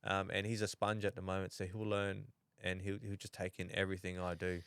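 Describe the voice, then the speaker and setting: A young Australian man talks through his story in a casual, halting way, circling back and restarting often. His low voice is smooth and resonant. The room sounds close and dry. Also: monotone, fairly bright tone, dry recording. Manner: halting, many restarts and fillers. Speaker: podcast guest. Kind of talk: casual chat.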